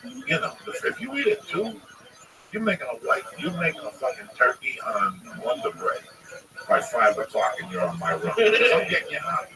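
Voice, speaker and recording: A man's voice: on the high side, very animated, normal speed, vocal fry, a loud crowd. A man hosting a livestream, telling stories and ranting with blunt, heavily profane advice. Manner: blunt, heavy swearing, preachy advice. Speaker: livestream host. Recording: distant mic in loud noise.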